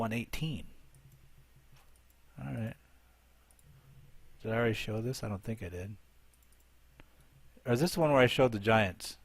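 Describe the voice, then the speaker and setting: A man's voice: medium pitch, dry recording. Man commentating game replays, dry sound. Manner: thinks aloud while breaking down attacks. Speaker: host of a game replay show. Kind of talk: live gameplay commentary.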